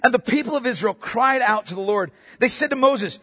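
A man preaching a sermon in an emphatic way, swinging from loud to quiet. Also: very high-pitched, a little fast, hardly any pauses, long reverb tail. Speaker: pastor.

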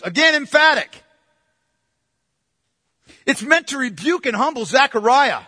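A man preaches with emphasis and keeps putting rhetorical questions to his congregation. His voice sits very high and rings bright. It carries a long reverb, like a large sanctuary. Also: expressive, a little slow, long pauses, husky. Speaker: pastor. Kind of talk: sermon.

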